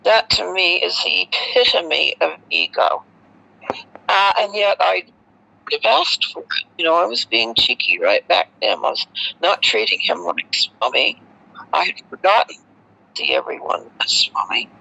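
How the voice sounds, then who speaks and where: American woman host, expressive storyteller, raspy-gravelly voice, dull radio-style recording. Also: fairly low pitch, a little slow. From United States. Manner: expressive, animated retelling with emotional swings. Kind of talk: personal storytelling to listeners.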